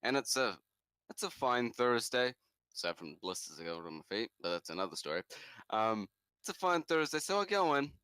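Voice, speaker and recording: Lively man telling a story, bright voice. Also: brisk, smooth, no room sound. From New Zealand. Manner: animated, jumps into high shouts for quoted lines. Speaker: podcast co-host. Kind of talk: casual storytelling.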